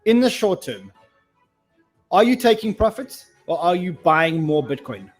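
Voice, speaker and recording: A man with a slightly high voice puts questions to a guest, cutting in to get plain answers. Faint music plays behind him. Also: very animated, measured pace. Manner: direct, presses for clear answers. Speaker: interviewer. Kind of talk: probing interview questions.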